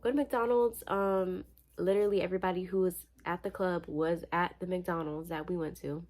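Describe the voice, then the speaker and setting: A young woman from Florida, tired, telling a personal story in a casual, animated, slangy way. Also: lowish voice, moderate pace. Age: young adult. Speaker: vlogger.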